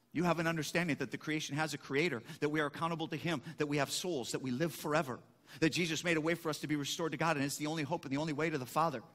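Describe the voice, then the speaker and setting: A pastor delivers an emphatic sermon in an echoey hall, asking questions and then answering them himself. His voice is fairly high-pitched with a fairly bright tone.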